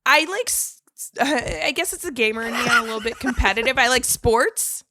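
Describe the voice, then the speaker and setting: A young woman co-hosting a podcast in casual chat, giggly, animated and rambling. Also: a little high, fairly quick, no echo. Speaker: podcast co-host.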